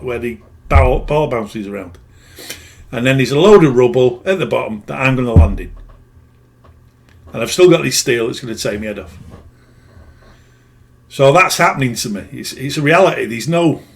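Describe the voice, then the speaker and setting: Man, middle-aged, spiritual healer, casual storytelling, rambling, plain-spoken, medium pitch. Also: expressive, moderate pace, vocal fry, pauses often.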